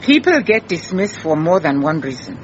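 An actress playing a gentle but firm female detective in a radio drama, speaking patiently. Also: low-pitched, big pitch swings, normal speed, highs cut off, slight background noise. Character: calm, persistent female private detective.

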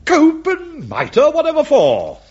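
A flustered bishop, his husky voice leaping wildly up and down as he stammers and exclaims. The recording is dull and lo-fi. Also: a little high, wildly swooping pitch, normal speed, full character voice. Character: fussy flustered male bishop, middle-aged. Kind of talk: British sitcom acting.

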